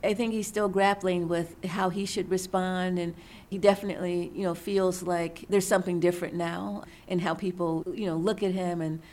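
A middle-aged woman with a somewhat low voice, speaking as an interview guest. She explains and tells stories in a thoughtful, measured way. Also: level tone, a little mellow. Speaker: author and researcher guest. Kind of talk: interview answers.

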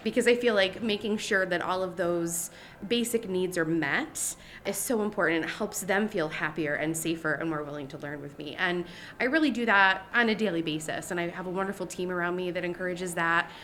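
A woman's voice: fairly low pitch, a little fast, a bit bright, a little hiss or hum. A woman teacher answering interview questions in an earnest, upbeat way. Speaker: regional teacher of the year guest.

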